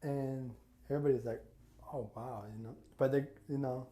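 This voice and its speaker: A man's voice: mid-range voice, steady tone, a little fast, dark tone, roomy sound. A man casually retelling a fan story, rambling with lots of fillers and acting out the quotes. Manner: rambling, full of "you know" and "like", acts out quotes.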